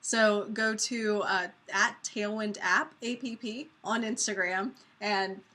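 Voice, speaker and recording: A woman co-hosting a casual live webinar, relaxed and chatty as she explains things. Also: mid-range voice, takes it slowly. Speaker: co-host.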